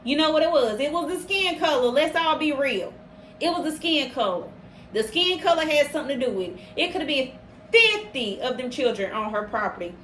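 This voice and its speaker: A woman with a high voice hosts a casual podcast, speaking emphatically and circling back on her phrases to drive each point home. She sounds worked up and passionate. The recording is roomy, with a faint hum of noise behind her. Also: expressive, brisk, a bit bright. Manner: emphatic, repeats phrases for stress, gets heated. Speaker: podcast host.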